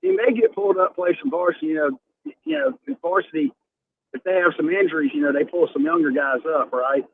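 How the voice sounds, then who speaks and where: A man in his forties calling into a radio show from his car on the highway, friendly and rambling. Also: animated, brisk, vocal fry. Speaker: caller. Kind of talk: casual phone call. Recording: tinny phone line with road noise.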